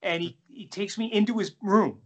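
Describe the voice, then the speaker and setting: A man's voice: sits high, normal speed. Chatty man telling jazz stories. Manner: animated, self-deprecating anecdotes with many restarts. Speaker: jazz pianist guest. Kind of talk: casual storytelling interview.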